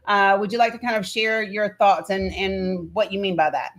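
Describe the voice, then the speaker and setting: She's a livestream host in her thirties, running a casual stream where she greets each viewer by name and sets the ground rules, with off-mic remarks to her kids. Her voice is mid-range, delivered at normal speed with little pitch movement.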